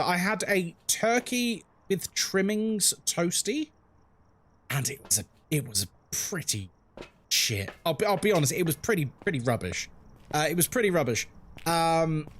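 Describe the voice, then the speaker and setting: A man's voice: fairly high pitch, a little hiss or hum. A man with a London accent, chatting frankly on a live game stream and answering his chat as he plays. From England.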